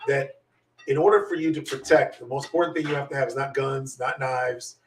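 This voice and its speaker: A man's voice: medium pitch, fairly even intonation, a little fast, a little hiss or hum. A man from Michigan, a guest telling a story with emphasis, repeating phrases and laughing between his points. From Michigan, USA. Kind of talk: animated storytelling in a conversation. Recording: roomy sound from a distant mic.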